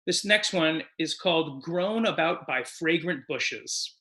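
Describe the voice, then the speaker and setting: A man giving a deadpan comedic poetry reading over a video call, reciting in a mock-solemn, theatrical way. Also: fairly high pitch, slow, vocal fry. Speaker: guest performer.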